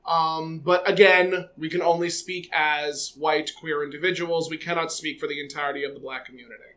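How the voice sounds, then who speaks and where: A man's voice: a little high, fairly even intonation, moderate pace, a bit bright. A man co-hosting a podcast, chatting casually with fillers and frequent laughter. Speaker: podcast co-host. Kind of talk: casual chat recapping a TV episode.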